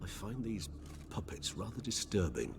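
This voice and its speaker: An actor playing a courtly, wise male vampire who speaks in a formal, articulate and measured way in a video game. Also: lowish voice, sing-song, vocal fry, slight background noise. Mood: grave. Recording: game audio with loud music under it.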